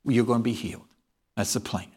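Reading King James scripture aloud and asking his congregation questions, this preacher speaks a little fast. His fairly low voice has a darkish, breathy tone and fairly even intonation.

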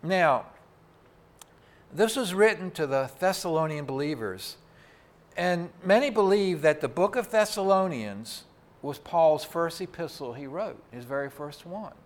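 A man's voice: on the high side, expressive, a little slow. A man preaching a sermon from a church pulpit into a microphone, in a folksy, conversational way with asides to the congregation. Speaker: pastor. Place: church sanctuary.

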